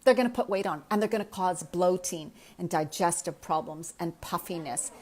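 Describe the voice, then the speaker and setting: A woman's voice: on the low side, moderate pace, a little mellow. A woman in her fifties, a midlife health coach, talking candidly in a casual live chat and answering viewer comments from her own experience. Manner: candid, chatty, speaks from personal experience.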